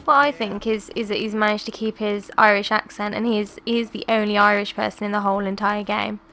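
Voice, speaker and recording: A woman giving casual gameplay commentary. She is chatty and a little hesitant, wandering into asides. Her voice is gravelly and fairly flat in pitch. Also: a little fast, faint music behind. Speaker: gaming channel host.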